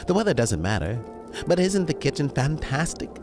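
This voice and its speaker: A man's voice: on the high side, sing-song, moderate pace, over music, pitched above the performer's own voice. A man reading aloud and voicing an eager, beaming female neighbor who talks in an overly friendly way. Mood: chatty.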